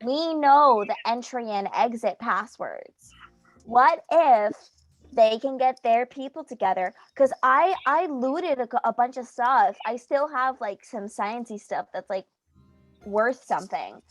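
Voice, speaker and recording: A woman's voice: a little high, animated, a little slow, no room sound, faint music behind. A woman playing in a tabletop game, talking in character in a rambling way, full of "like" and "um". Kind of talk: in-character tabletop role-play.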